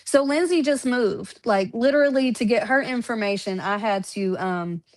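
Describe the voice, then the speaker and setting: A woman's voice: fairly high pitch, moderate pace. A woman, a wrestling promoter chatting casually on a podcast, listing shows with lots of fillers and frequent laughs.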